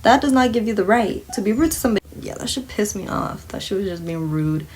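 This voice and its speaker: A woman's voice: medium pitch, lively intonation, quick pace, a little mellow, slightly rough. A young woman casually telling a work story while doing her makeup, blunt and full of swearing, acting out the dialogue. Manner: blunt, expletive-laden, indignant retelling with quoted dialogue.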